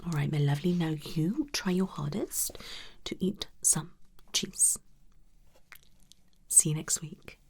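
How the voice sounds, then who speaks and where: A woman acting a blunt, dismissive psychologist in a whispered role-play, talking in a soft, breathy, rambling way. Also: low voice, slow pace, pauses often, full character voice. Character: blunt unprofessional female psychologist. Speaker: ASMR creator.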